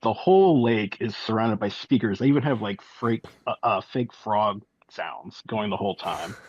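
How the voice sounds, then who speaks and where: A male guest with a low voice tells his story in a halting, matter-of-fact way, with lots of fillers along the way. His audio is dull and lo-fi, as if he is coming in over a remote call. The sound is dry, with no room echo. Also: expressive, darkish tone, breathy edge. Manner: halting, many ums and likes, matter-of-fact. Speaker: guest, eyewitness. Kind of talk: casual interview storytelling.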